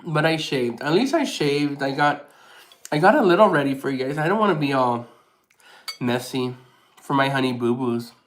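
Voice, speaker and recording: A man's voice: medium pitch, animated, normal speed. A man hosting a mukbang, chatting casually while he eats, answering viewer comments and laughing easily. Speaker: mukbang host. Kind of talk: casual live chat while eating.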